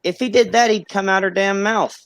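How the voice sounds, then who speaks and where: A man's voice: sits high, steady tone, a little fast, a crowd in the background. A man in a late-night group chat, cracking crude teasing jokes and then deadpanning them away.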